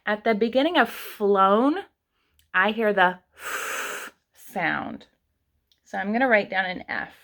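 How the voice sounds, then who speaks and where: A young adult woman teaching an online kindergarten writing lesson, sounding out words slowly and patiently for young children. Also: medium pitch, fairly bright tone. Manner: slow, sounding out words step by step.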